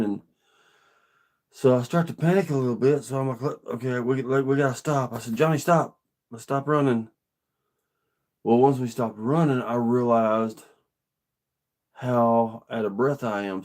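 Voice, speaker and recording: A man's voice: medium pitch, darkish tone. Earnest middle-aged man telling a story. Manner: earnest, rambling, plainspoken. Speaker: vlogger. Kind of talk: casual storytelling to camera.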